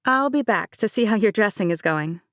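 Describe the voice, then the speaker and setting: A woman's voice: medium pitch, expressive, normal speed, a bit bright, dry recording, voice pushed up, lightly acted. Woman reader as a Southern-accented young agent, soothing but firm, dry close read. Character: upbeat young female FBI agent.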